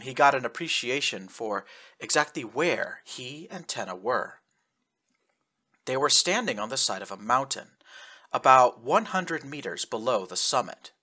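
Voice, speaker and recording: A man narrating a science fiction audiobook in a steady storytelling way. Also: mid-range voice. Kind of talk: scripted narration.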